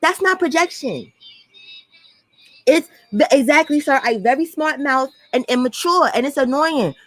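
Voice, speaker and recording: A woman whose voice sits high rants quickly and bluntly, cursing plenty, as a commentary vlogger reacting to something. It's a close, dry recording with no room sound.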